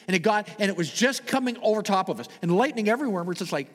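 Man, Canadian pastor, sermon storytelling, lively swooping delivery, long hall echo. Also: high-pitched, racing, few pauses. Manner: animated, dramatic swings between loud and hushed.

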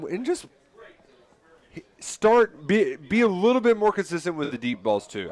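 A man talks football on sports radio. He is chatty and excitable and laughs easily. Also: mid-range voice. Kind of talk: casual sports talk radio.

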